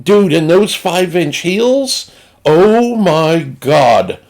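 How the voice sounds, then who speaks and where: A man's voice: a little high, sing-song, very slow, a little mellow. A man with a Northeastern US accent telling a crude comic story in a rambling, self-interrupting way. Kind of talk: casual comedic storytelling.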